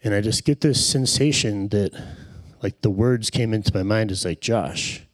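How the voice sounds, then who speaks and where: Man, 40s, earnest testimony speaker, lowish voice, dry close sound. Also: moderate pace, dry recording. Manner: earnest, reflective, searching for words. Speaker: speaker sharing a personal testimony. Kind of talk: personal testimony storytelling. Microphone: handheld microphone.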